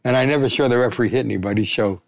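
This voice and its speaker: Gravelly older man telling stories. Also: medium pitch, racing. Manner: gravelly, acts out quoted voices. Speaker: retired sports columnist, guest. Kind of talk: animated anecdote telling.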